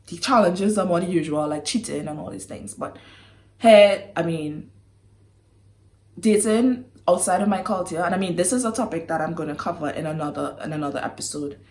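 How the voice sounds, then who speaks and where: A woman's voice: fairly low pitch, normal speed. A young woman from Trinidad, chatting casually and animatedly on her vlog, laughing often. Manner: giggly, animated and apologetic. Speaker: vlogger. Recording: echoey room.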